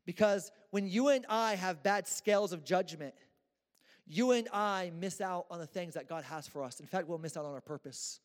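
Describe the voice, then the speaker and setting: A man's voice: high-pitched, normal speed. A man preaching a sermon in a church, casual and joking with slang. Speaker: pastor. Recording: echoey church hall.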